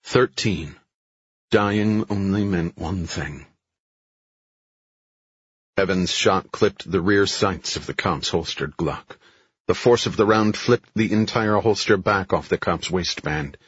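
A man reading a thriller audiobook in a measured, steady way. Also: deep voice, slightly rough, no echo, lo-fi sound. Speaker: audiobook narrator. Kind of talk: scripted narration.

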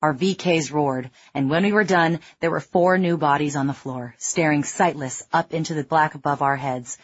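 A woman narrates a first-person action story in a measured, tense way. Her voice is low and husky, and her pacing is slow and deliberate. The recording is dry and a little muffled. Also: dry recording. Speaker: audiobook narrator.

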